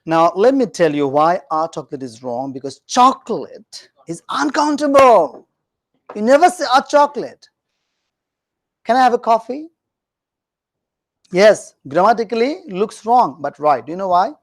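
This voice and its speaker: A man teaching a grammar lesson in a classroom, animated and joking with his students. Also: high voice, normal speed. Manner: animated, joking with students, mixes in Hindi phrases.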